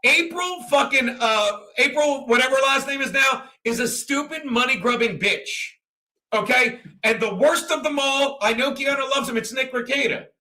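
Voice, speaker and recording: A very high-pitched man with a pushed, bright voice hosts a livestream at a moderate pace. He rants crudely and rambles, frequently laughing as he reads the chat, his talk full of profanity.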